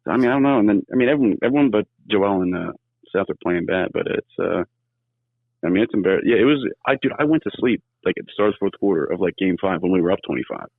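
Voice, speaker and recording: Caller: deep-voiced man, quick and rambling, over a tinny dry phone line. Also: gravelly, dry recording. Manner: rambling, animated storytelling. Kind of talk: casual sports chat.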